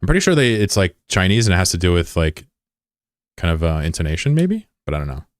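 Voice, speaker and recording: A deep-voiced man chatting loosely with his viewers while he plays, wandering from thought to thought with lots of "like" and the odd curse. The sound is close and dry, with no room around it. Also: sing-song, a little fast, no room sound. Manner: rambling, curious, filler-heavy and profane. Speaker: game streamer. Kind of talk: casual chat with viewers while gaming.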